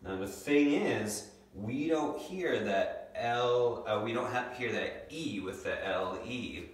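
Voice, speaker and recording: A young man teaching a second grade lesson from home, patiently sounding out words slowly. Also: mid-range voice. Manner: patient, slow, stretches out words to sound them. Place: home room. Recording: echoey room, mic far off.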